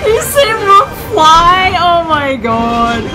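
A young woman with a very high, very animated voice speaks extremely slowly as she gives casual let's play commentary over game music. She laughs constantly, swears, and teases her companion.

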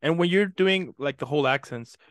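A man's voice: fairly high pitch, fairly quick, a bit bright, no room sound. A man hosting a casual interview, asking long, rambling questions with enthusiasm. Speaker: interview host.

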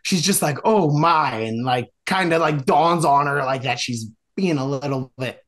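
A man's voice: medium pitch, normal speed, fairly bright tone. Rambling man telling a dating story. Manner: rambling, many fillers and restarts. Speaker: podcast guest. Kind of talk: casual storytelling.

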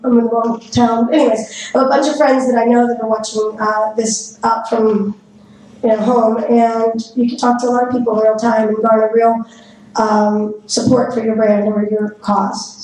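Woman, hoarse and scratchy, fast nervous conference speaker at a podium; very reverberant room with light background hiss. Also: a little high, flat delivery, a little mellow. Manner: fast talker, nervous, laughs often. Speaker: business owner giving a conference talk. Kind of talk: live conference talk. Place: stage in a large conference hall. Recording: very echoey hall, faint noise.

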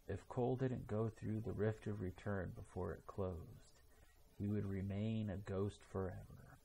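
A man reading a children's storybook aloud in a slow, even way. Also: lowish voice, vocal fry, a little hiss or hum. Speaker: storybook reader.

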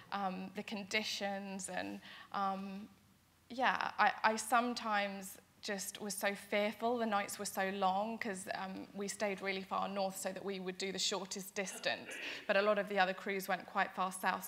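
Young woman, interview guest, bright voice, earnest and eager delivery full of fillers. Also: medium pitch. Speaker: interview guest, charity founder. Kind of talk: conversational interview storytelling.

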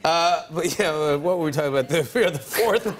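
A man's voice: fairly high pitch, fast, noisy background. A man hosting a talk show, teasing his guest and laughing along. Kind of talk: casual chat. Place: TV studio with live audience. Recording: loud studio audience.

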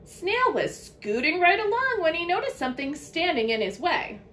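A woman teacher reading a children's picture book aloud to young listeners, in an expressive storytelling manner. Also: very high-pitched, moderate pace, a little hiss or hum.

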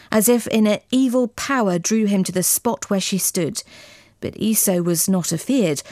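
A woman's voice: mid-range voice, darkish tone, no room sound. Woman narrating a gothic tale, dry studio. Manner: measured, dramatic old-fashioned storytelling. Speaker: audiobook narrator.

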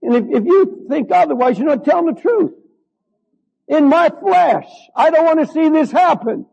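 An older male pastor delivers a sermon in a strikingly high voice. He drags out key words slowly and builds to fervent shouts at the climaxes. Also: lively intonation, creaky, dull audio. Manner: slow, drawn-out emphasis.

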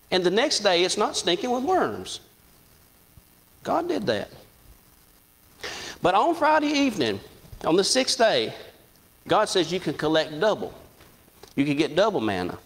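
Preacher, middle-aged man, folksy storyteller, raised voice with a lively swing in pitch. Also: brisk. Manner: storytelling, repeats himself, folksy. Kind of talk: sermon.

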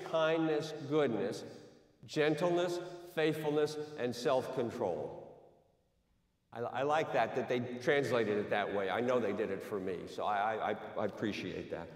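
A man preaching a sermon in a conversational way, with frequent restarts and light asides. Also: medium pitch. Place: church sanctuary. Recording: echoey hall, mic from far off.

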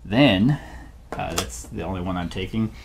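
A channel host with a low-pitched, gravelly voice plays a board game alone, speaking at normal speed against a noisy background. He reasons aloud and often gropes for words partway through sentences.

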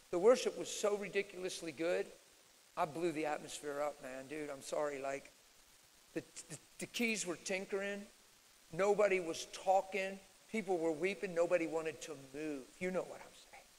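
A man with a high voice preaches in a large church hall before a live audience, shifting from loud declarations to quiet, low asides. His emphatic sermon unfolds as question-and-answer teaching, and the recording carries heavy hall reverb.

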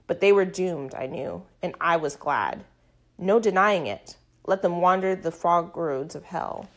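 A woman reading a first-person literary novel aloud, with sudden loud and hushed outbursts. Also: lowish voice, measured pace. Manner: dramatic reading with shouted and whispered outbursts. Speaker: audiobook reader.

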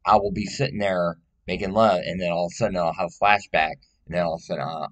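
A man's voice: low voice, steady tone, fairly quick, a bit bright. A man speaking in a casual personal monologue, rambling and blunt, swearing often and pleading emotionally.

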